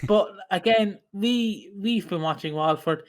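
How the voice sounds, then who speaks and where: A man's voice: sits high, unhurried. A man from Britain co-hosting a casual podcast, telling stories in a rambling way and laughing often. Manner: giggly, rambling storyteller. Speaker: podcast co-host. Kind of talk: casual chat.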